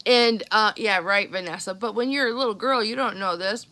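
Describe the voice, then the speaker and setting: A middle-aged woman with a sharp, medium-pitched voice talks a little fast with few pauses. Live-streaming to her viewers as a vlogger, she chattily tells a childhood story and acts out the people in it.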